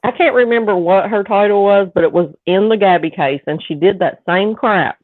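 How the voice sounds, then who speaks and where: A woman's voice: medium pitch, moderate pace, no echo. A woman with a Southern US accent chatting casually on a livestream, rambling and mimicking other people. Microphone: phone or call audio. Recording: tinny dry phone-line sound.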